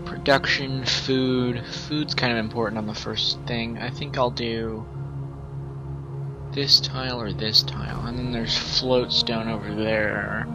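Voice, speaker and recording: A man's voice: mid-range voice, steady tone, slow, over music, poor audio. A man casually commentating his strategy-game playthrough, rambling and correcting himself as he thinks aloud.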